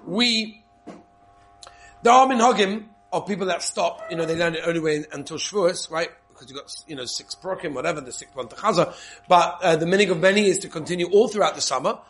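A man with Yeshivish English, teaching an informal Torah class, lively and repetitive, checking in with "okay?" often. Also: on the high side, fast talker. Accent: Yeshivish English with Hebrew and Yiddish terms. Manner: lively, repeats points, frequent "okay?" checks.

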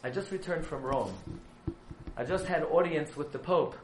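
Male speaker doing an old rabbi figure, grieving and defiant, crying out with a slightly high voice, in a roomy space. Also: moderate pace, noisy background, lightly acted. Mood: pleading. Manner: pleading, rising to impassioned outcries. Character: elderly chief rabbi, grieving yet defiant.

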